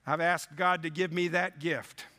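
Male preacher, slow, sarcastic scripture sermon, long echo of a big hall. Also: fairly high pitch. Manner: reads scripture aloud and breaks in with lively, sarcastic asides.

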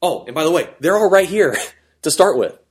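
A man teaching a Bible study class, talking in a conversational, animated way with fillers and restarts. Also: on the high side, moderate pace. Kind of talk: classroom Bible lesson with fill-in notes.

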